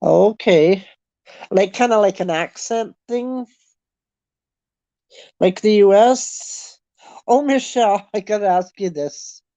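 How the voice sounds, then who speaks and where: A woman's voice: medium pitch, slow pace, long pauses, warm tone, no echo, highs cut off. A middle-aged Canadian woman with a Canadian accent, chatting casually with her viewers, telling stories and laughing often. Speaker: livestream host chatting with viewers. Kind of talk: casual chat.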